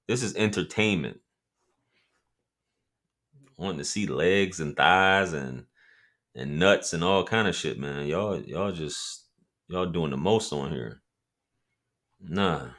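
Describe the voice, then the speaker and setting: A man's voice: deep voice, a bit bright. A man hosting a casual livestream, joking and bantering with viewers in loose, slangy talk. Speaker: livestream host.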